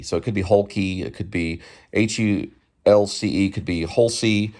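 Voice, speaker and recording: Deep-voiced rambling male vlogger. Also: moderate pace, a little mellow. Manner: rambling, digressive, gropes for names. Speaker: vlogger host. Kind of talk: casual rambling movie talk. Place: at home near a TV.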